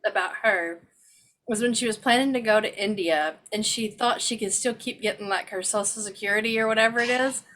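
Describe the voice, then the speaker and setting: Relaxed woman podcast co-host. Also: mid-range voice, a little fast. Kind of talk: casual chat.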